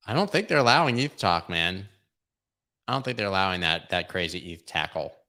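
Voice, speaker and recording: A man's voice: sits low, expressive, fairly quick, bright, forceful tone. A man hosting a casual livestream chat, rambling and joking with lots of filler words. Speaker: host.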